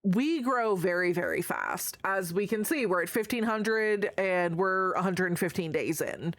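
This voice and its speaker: A woman's voice: medium pitch, unhurried, dry recording. A woman streamer chatting casually with her viewers, greeting them by name, affectionate and swearing freely. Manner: swears freely while reading chat aloud. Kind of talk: casual live-stream chat.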